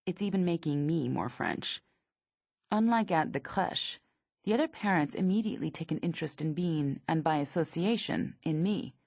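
A woman in her thirties narrating her memoir in a dry, observational manner, with a husky, gravelly voice. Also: low-pitched, lively intonation, moderate pace, a little mellow, dry recording. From United States.

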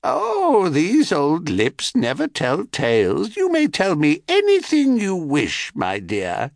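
A cackling, croaking old crone. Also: male voice, fairly high pitch, wildly swooping pitch, takes it slowly, dry recording, clean studio sound, voice pushed up, exaggerated voice. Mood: wheedling. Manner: wheedling, prying. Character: scheming goddess disguised as cackling old crone.

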